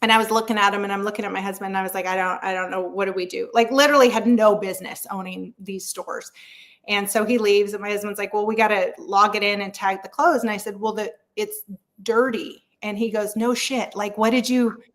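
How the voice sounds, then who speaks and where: A woman's voice: medium pitch, fairly even intonation, fast, a bit bright. A woman in her thirties talks candidly as an interview guest. She speaks in a frank, chatty way and tells her story with lots of fillers and easy laughter. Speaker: real estate agent guest.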